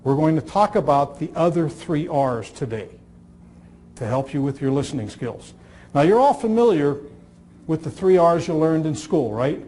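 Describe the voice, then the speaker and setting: A man in his sixties gives a talk to a live audience through stories. His voice sits a little high, and he builds his points with repetition and well-timed pauses. A dry humor runs through his delivery. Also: animated, mellow. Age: 60s. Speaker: speaker on communication skills.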